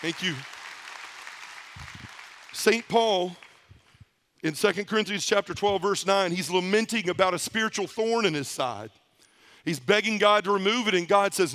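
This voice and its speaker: A man giving a personal testimony at a men's conference, a lively storyteller who acts out the voices of the people in his story. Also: high voice, normal speed, long pauses, a faint crowd. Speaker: conference speaker.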